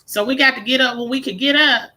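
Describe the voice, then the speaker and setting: Woman live-stream host, high bright voice, blunt and profane. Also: fast talker. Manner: greets viewers by name, blunt and profane. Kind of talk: casual live-stream chat.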